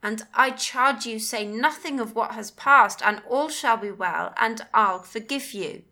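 Casting note: an overbearing gentleman master, commanding and hasty, read by a woman in a slow, bright voice. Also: fairly high pitch. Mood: irritated. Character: overbearing gentleman master, adult man, impatient.

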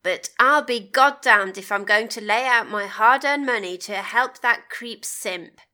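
Brief: woman reading a dismissive, penny-pinching husband, scornful and sharp-edged. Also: on the high side, measured pace. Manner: curt, scornful. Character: stubborn, tight-fisted middle-aged husband, dismissive.

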